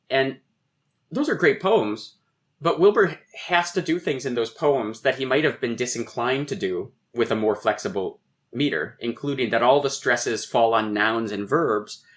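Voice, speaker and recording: A man's voice: on the low side, fairly bright tone. A man, a poet and philosopher, explaining poetic meter in a thoughtful, professorial way with frequent restarts. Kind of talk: conversational lecture on poetic meter.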